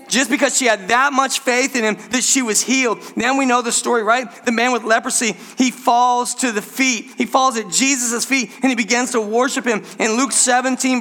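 Male pastor, high bright voice, emphatic sermon delivery, talks straight to the church. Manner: emphatic, repeatedly addresses the congregation.

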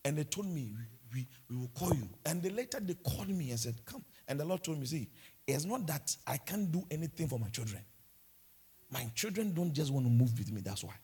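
Husky, animated male preacher. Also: a little high, brisk. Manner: animated storytelling preaching with stammered restarts. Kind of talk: sermon.

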